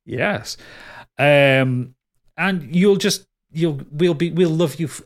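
A man's voice: fairly high pitch, slow pace. A man hosting as game master, wrapping up the episode in a rambling, laughing way and swearing casually. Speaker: game master and podcast host. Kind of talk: casual podcast outro and plugs.

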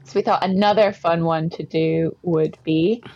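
A woman's voice: on the low side, steady tone, normal speed, warm tone, lo-fi sound. A woman co-hosting a podcast in casual chat, rambling a little and laughing often. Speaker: podcast co-host.

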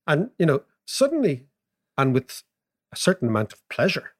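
A man, co-hosting a podcast in casual chat, telling lively anecdotes and explaining economics. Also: a little high, normal speed. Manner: animated, laughing anecdotes. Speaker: podcast co-host.

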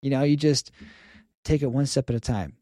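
A stay-at-home dad appears as a guest on a podcast, chatting casually and telling lively stories in which he acts out everyone he quotes. His voice is mid-range and his pace moderate, captured dry with clean studio sound.

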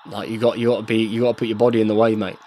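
An English man in his thirties, a professional rugby player, chatting excitedly while rewatching match footage and calling his friend "mate" constantly. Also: lowish voice, rapid-fire, slight background noise. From England. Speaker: guest, professional rugby fly half. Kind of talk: casual chat while watching match footage.

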